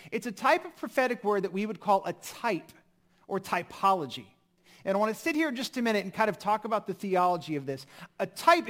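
High-voiced man preaching a sermon. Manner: expressive, swings from emphatic to hushed. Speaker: pastor.

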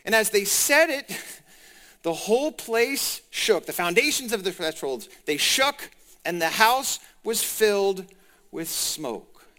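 A man preaching a sermon, animated and speaking straight to the congregation. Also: sits high, unhurried. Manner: animated, talks to the congregation directly.

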